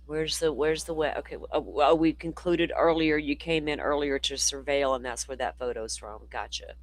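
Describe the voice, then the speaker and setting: A man's voice: fairly high pitch, fairly even intonation, normal speed, poor audio. A man hosting a livestream, chatty and rambling, his voice worn from talking all day. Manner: chatty, rambling, talks to chat. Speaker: livestream host. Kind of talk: casual live commentary.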